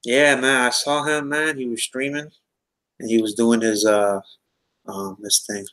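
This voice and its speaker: A man's voice: medium pitch, level tone, measured pace, fairly bright tone, poor audio. A man talking casually about phones in a round-table chat, rambling with many fillers and restarts. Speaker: podcast host.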